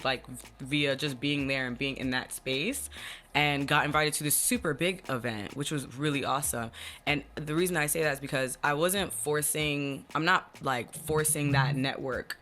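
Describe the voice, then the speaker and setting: A woman in her twenties with a deep, low voice, chatting casually as a podcast guest and using lots of fillers. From born in the US, early years in Ghana, raised in New Jersey. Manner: relaxed, filler-heavy, often says "like" and "you know what I'm saying". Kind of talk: casual conversation.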